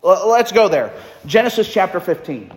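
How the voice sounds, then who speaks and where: Guy preaching a sermon, high voice, chatty, reads scripture out loud, big echoey room. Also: sing-song, moderate pace. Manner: conversational, reads scripture aloud. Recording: echoey hall reverb.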